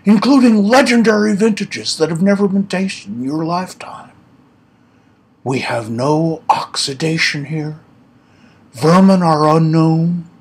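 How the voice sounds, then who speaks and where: A theatrical, courtly devil, as a man puts him on. He lingers slowly over his words and climbs high with grand emphasis, his voice a touch husky. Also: full character voice. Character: genteel male devil, proud host of hell.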